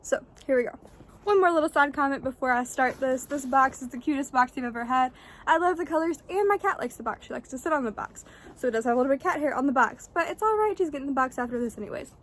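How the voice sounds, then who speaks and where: Breathless chatty young woman, high voice. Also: expressive, fairly bright tone, a little hiss or hum. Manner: fast, chatty and bubbly. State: out of breath from the cold. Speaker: vlogger. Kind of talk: casual unboxing vlog. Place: outdoors in the snow.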